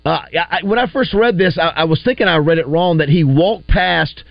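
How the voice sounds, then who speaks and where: A man's voice: fairly high pitch, normal speed, creaky, no room sound. A man hosting a morning radio show in a casual, chatty way, often stalling with fillers and restarts. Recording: dull lo-fi broadcast sound.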